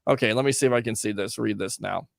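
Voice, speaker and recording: A man's voice: fairly low pitch, fast talker, creaky, dry recording. A man hosting a casual sports talk show, reading messages and cracking jokes. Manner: playful, joking. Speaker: show host.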